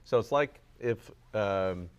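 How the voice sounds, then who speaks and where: A man therapist co-teaching a couples workshop at a church, telling stories in a halting, laughing way. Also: fairly low pitch, clear, resonant tone. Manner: storytelling, halting with restarts and little laughs. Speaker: marriage and family therapist co-teaching a couples class. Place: church hall.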